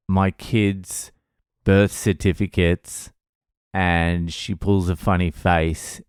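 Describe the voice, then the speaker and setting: Deep-voiced, slow-talking sardonic man. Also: clean tone, no room sound, studio quality. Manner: profane, sardonic storytelling. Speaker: comedian. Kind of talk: casual storytelling vlog.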